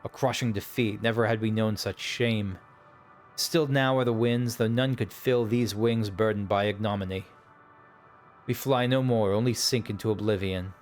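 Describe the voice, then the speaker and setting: Man reading old ghost dragons, solemn and slow, archaic verse, faint game music under. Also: fairly low pitch, fairly even intonation, lightly acted. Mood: ashamed. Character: ancient mournful ghost dragons, weary and proud.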